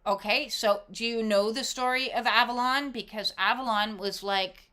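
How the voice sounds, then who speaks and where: A woman's voice: on the high side, fairly even intonation, normal speed, bright, forceful tone. A woman doing a casual oracle card reading, talking emphatically with lots of fillers and casual swearing. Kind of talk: casual spiritual talk to camera.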